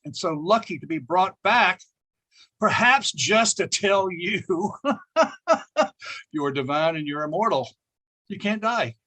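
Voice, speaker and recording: A man's voice: high voice, bright, forceful tone. A man in his seventies giving an emphatic spiritual talk to an audience, repeating phrases and laughing often as he tells a personal story. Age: 70s. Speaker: speaker addressing an audience.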